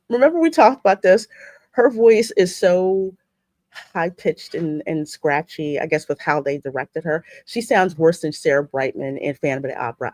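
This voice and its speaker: Woman host on a live stream, slightly low voice, chatty and warm with viewers, dry room. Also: no echo. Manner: chatty, effusive, often laughing. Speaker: livestream podcast host. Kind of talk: casual live chat, greeting viewers.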